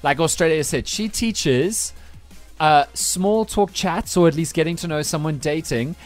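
A man's voice: a little high, measured pace, soft background music. A man hosting a breakfast radio show, teasing and playful. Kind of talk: casual radio banter. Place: radio studio.

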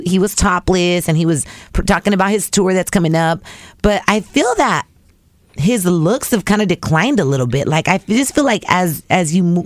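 A woman co-hosting a podcast in casual chat, with a raspy voice, chatty and laughing often, slipping Spanish phrases into her talk. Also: mid-range voice, no echo. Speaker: podcast co-host.

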